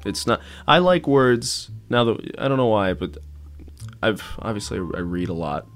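A man's voice: on the low side, expressive, measured pace. A man co-hosting a casual podcast chat, rambling and searching for words, often laughing. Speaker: podcast co-host.

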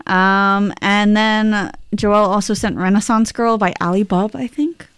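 A woman's voice: mid-range voice, level tone, measured pace, clean tone. A young woman co-hosting a casual radio chat, talking in a rambling, chatty way full of "like" and self-corrections. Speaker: radio co-host.

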